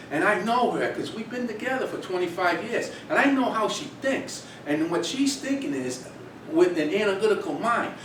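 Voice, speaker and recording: Middle-aged teacher telling a story, fairly high voice. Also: male voice. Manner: animated, candid storyteller. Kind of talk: storytelling talk to a class. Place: classroom. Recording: echoey room from far off, faint rumble.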